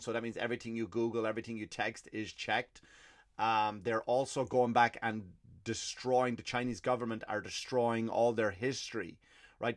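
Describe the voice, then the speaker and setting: An Irish man rants through a solo comedy podcast. He swears constantly and keeps cutting in with his own questions and answers. His voice sits at an ordinary middle pitch for a man. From Ireland. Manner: profane, ranting, self-answering asides. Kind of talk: stand-up style rant.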